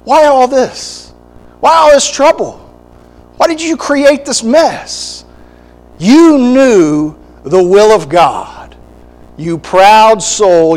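A man preaching a sermon, animated and acting out quoted voices, with short laughs between points. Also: high-pitched, low-quality recording.

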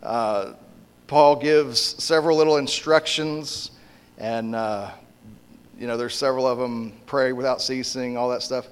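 A man preaching as a pastor in a church, relaxed and joking, with frequent fillers. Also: medium pitch, a little slow, smooth. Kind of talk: casual sermon with prayer. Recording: long church hall reverb.

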